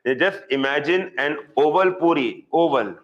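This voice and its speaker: A man with an Indian English accent teaching a live online zoology class, repeating key terms slowly for students. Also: a little high, lo-fi sound.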